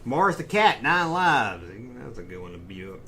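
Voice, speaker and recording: A man's voice: mid-range voice, very animated, normal speed, bright, forceful tone, slight background noise. A middle-aged man cohosting a casual chat show, joking and rambling in loose banter. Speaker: podcast co-host.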